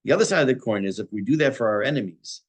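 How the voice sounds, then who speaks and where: A middle-aged man, a rabbi giving a Torah class, talking thoughtfully many pauses and restarts. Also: medium pitch, expressive.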